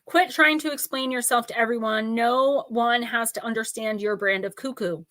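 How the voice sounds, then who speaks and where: A woman's voice: fairly high pitch, fairly even intonation, normal speed, fairly bright tone, no echo. A woman giving blunt, playful oracle card readings to viewers on a live stream, reading their names out in lists. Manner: blunt, playful, lightly profane.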